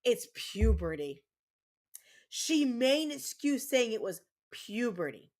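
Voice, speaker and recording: A mother in her thirties vents to her livestream chat in an angry, repetitive rant. Her voice sits a little high for a woman. She swears freely and circles back to the same points over and over. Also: very animated, slow pace, a little mellow. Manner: angry ranting, swears, repeats herself. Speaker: streamer, mother. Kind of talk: casual livestream chat while gaming.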